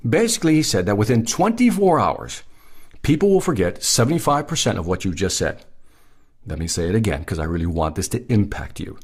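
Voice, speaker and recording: A man's voice: on the low side, sing-song, brisk, breathy edge. A man hosting a sales advice podcast, speaking emphatically and repeating his key points. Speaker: podcast host.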